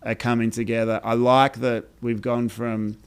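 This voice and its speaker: An Australian man, a brand founder, telling stories in a relaxed interview chat with many fillers and restarts. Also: medium pitch, moderate pace, clear, resonant tone. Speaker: brand founder, podcast guest.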